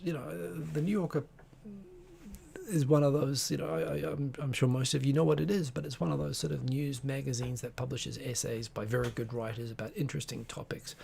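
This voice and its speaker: A man's voice: medium pitch, gravelly, a little mellow, slight background noise. A man hosting a live stream, chatting casually in a rambling, digressive way with many restarts. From Tokyo-based.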